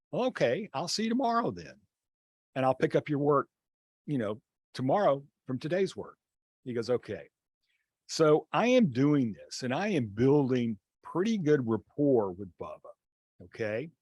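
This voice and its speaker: A male teacher telling a classroom story in an online class over a video call, acting out the dialogue with lively changes of voice. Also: mid-range voice, no room sound. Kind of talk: storytelling lecture.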